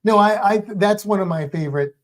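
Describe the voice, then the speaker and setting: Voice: medium pitch, a little fast. A livestream co-host in casual chat, rambling and restarting sentences while talking eagerly about movies. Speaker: teaches a class about sharks.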